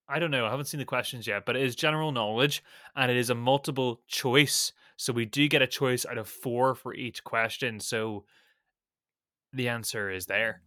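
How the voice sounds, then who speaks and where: Bright-voiced man reading quiz questions. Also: medium pitch, no room sound, studio quality. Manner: reads questions and options with a playful lilt. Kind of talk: casual quiz podcast chat.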